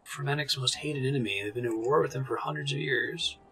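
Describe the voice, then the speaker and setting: A man's voice: mid-range voice, a little fast, pushed and bright, a little hiss or hum. A man voicing a rude, mocking male sailor while reading game dialogue aloud. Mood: scornful.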